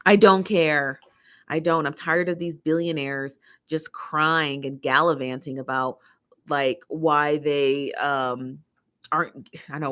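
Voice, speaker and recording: An American woman running a casual livestream reads viewer comments aloud and rants in an exasperated, opinionated way, repeating points for emphasis. Her voice is low with a fairly bright tone.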